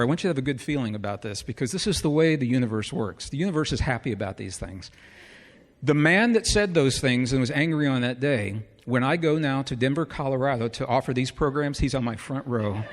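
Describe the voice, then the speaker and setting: A middle-aged man telling a personal story to a live audience in an earnest way, often asking the listeners rhetorical questions. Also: mid-range voice. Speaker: speaker. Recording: long hall reverb.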